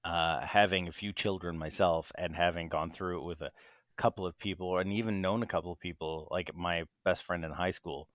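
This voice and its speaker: A man's voice: deep voice, steady tone, a little fast, a bit bright, dry recording, clean studio sound. A man co-hosting a casual podcast from his bedroom, rambling and joking at his own expense. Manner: rambling, joking, self-deprecating. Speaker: podcast co-host. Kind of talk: casual chat. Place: hot small bedroom with no fan. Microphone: desk microphone.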